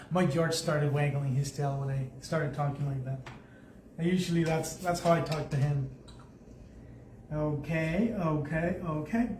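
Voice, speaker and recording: Man, high voice, casual live painting instructor who muses as he works; echoey room, faint background noise. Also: a little slow, darkish tone, distant mic. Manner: chatty, thinks aloud while painting. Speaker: art instructor.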